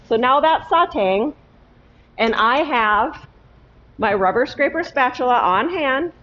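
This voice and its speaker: A woman's voice: fairly high pitch, muffled recording, a little hiss or hum. A woman teaching a cooking lesson in her kitchen, talking step by step and often checking in with "okay?". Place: home kitchen.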